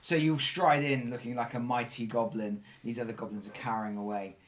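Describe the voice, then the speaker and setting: A man narrating as dungeon master, describing the scene in a lively way and asking players for rolls. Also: medium pitch, fairly quick. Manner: lively, laughing storyteller. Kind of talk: narrating a tabletop game.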